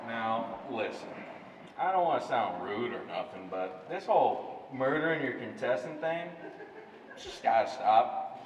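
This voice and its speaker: A blunt, plain-spoken small-town official, played by a young man. He is heard far from the mic in a hall with long reverb and clear background noise. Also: mid-range voice, expressive, a little slow, muffled recording, lightly acted.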